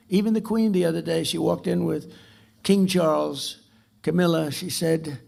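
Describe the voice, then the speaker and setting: A man's voice: fairly high pitch, moderate pace, creaky, darkish tone. A man giving an off-the-cuff political speech at a club dinner, rambling, repeating himself and boasting. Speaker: dinner speaker.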